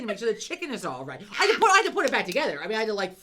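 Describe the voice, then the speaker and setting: A woman's voice: a little high, rapid-fire, hardly any pauses. A middle-aged woman co-hosting a podcast, telling a cooking story in casual chat with lots of swearing. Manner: profane, animated storytelling. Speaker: podcast co-host.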